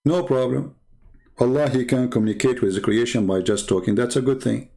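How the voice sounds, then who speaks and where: Mellow-voiced Arabic-accented man, mocking debater. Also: mid-range voice, a little fast, creaky. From Arab world. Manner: mocking, rhetorical questioning. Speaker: debate channel host. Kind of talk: live online religious debate.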